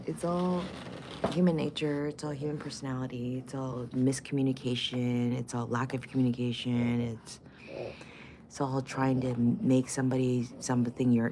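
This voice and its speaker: A woman's voice: very deep voice, mellow, slight background noise. A middle-aged woman vlogging in casual chat, blunt, profane and opinionated.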